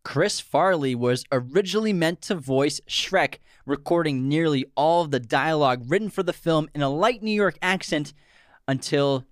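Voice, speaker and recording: A man's voice: on the high side, moderate pace, no room sound, clean studio sound. A man co-hosting a casual podcast and running a movie quiz, teasing and laughing often. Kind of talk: casual chat.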